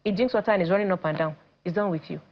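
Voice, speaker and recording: Nigerian woman, parenting coach on a talk show, animated, quotes people in voices, a bit dull sound. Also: fairly low pitch, very fast. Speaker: teen coach guest. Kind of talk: studio talk show conversation.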